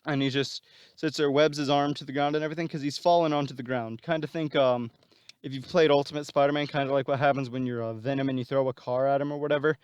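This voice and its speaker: A man's voice: mid-range voice, steady tone, fast talker, clean tone, no echo. A man casually retelling a story plot, rambling and full of fillers.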